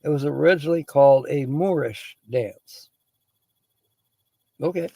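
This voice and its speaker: Male livestream host, gravelly and dark, casual reader of word trivia, dry close sound. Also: fairly high pitch, measured pace, no echo, rough recording. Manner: chatty, laughs often, greets viewers by name. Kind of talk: casual chat, reading word origins aloud.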